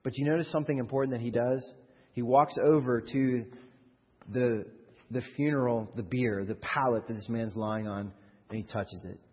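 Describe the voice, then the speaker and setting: A man delivering a sermon with a husky edge, talking plainly to his congregation and pressing rhetorical questions as his fervor builds. His voice carries a long reverb from the church hall around him, and the recording sounds dull and lo-fi. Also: mid-range voice, normal speed. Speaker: pastor.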